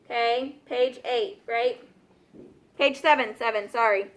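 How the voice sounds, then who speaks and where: Speaking slowly in a slightly high voice, a woman teacher goes over grammar in a classroom lesson. Her manner is patient, with frequent "okay?" and "right?" to check understanding.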